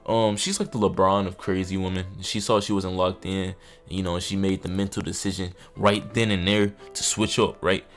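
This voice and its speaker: A young man hosting comedic video commentary, animated and slangy with joking asides. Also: low-pitched, moderate pace, soft background music. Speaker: commentary host.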